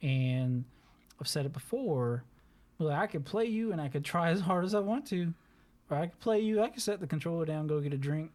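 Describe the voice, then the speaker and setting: A man's voice: a little high, moderate pace. A young man in casual chat, telling stories with lots of swearing and acted-out quotes. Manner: animated, laughing, swearing, acts out quotes.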